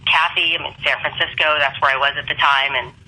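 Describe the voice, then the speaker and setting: A woman's voice: sits low, fast talker, poor audio. A woman guest on a podcast, casually telling a long personal story and acting out the people in it. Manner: animated, acts out quoted voices.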